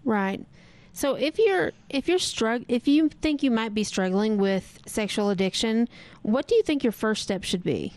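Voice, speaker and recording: A woman's voice: a little high, animated, unhurried, a little mellow, no echo. A woman hosting a conversational interview, engaged and agreeable, asking follow-up questions. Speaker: podcast host.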